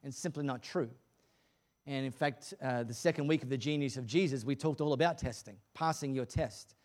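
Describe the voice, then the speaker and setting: A man's voice: mid-range voice, fairly quick, darkish tone. A male pastor preaching a sermon at a church service in a casual, joking, conversational way.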